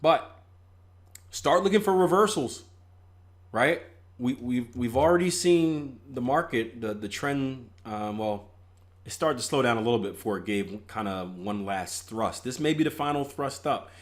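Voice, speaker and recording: A man's voice: medium pitch, measured pace. Joking man hosting a trading stream. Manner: joking, laughs at own jokes, reads chat aloud; frequent restarts and filler ums. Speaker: trading livestream host. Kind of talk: casual livestream chat.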